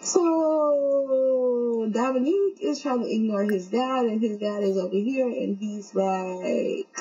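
A woman giving casual let's-play commentary, chatty and excitable, talking straight to her viewers. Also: a little high, slow pace, breathy edge, highs cut off. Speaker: game streamer.

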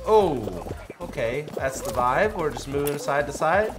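A young man giving excitable live gameplay commentary, trash-talking and yelling in bursts. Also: a little high, a little slow. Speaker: gaming YouTuber. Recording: music playing behind.

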